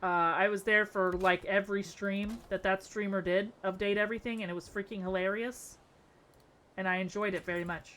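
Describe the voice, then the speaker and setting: Bright excitable young woman streamer. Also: mid-range voice, brisk. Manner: bubbly, slangy, excitable shouting to chat. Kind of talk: casual live-stream chat.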